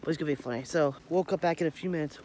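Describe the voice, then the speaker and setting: A woman's voice: low-pitched, very fast, darkish tone. A young woman chatting casually in a home vlog and coaxing her dog along. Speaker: vlogger.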